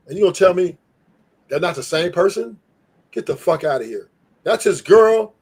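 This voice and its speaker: A man argues on a live stream, swearing freely and repeating his points. His voice sits high and sounds husky. He is combative and keeps pressing. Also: sing-song, normal speed, a little mellow. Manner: profane, combative, repeats himself. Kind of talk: heated live-stream argument.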